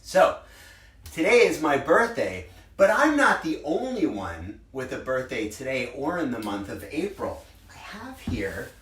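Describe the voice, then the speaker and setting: A man's voice: medium pitch, a bit bright, distant mic, slight background noise. A man in his forties, a preschool teacher, leading a virtual circle time for young children in an upbeat way with simple words. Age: 40s. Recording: roomy echo, from the mic, with guitar.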